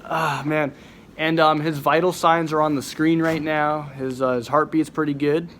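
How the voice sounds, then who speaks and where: A man's voice: on the high side, flat delivery, moderate pace, fairly bright tone, a little hiss or hum. A young man vlogging at a hospital, sounding sick and rambling with many fillers and restarts. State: sick, voice affected by illness. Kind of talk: casual vlog to camera. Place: hospital ward and car at night.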